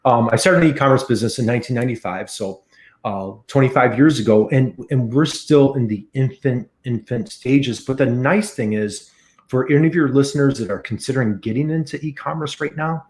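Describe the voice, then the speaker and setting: A man's voice: medium pitch, a little fast, darkish tone, echoey room. An American man of around fifty, a podcast guest, talking enthusiastically and repeating key figures for emphasis. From United States. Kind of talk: podcast interview.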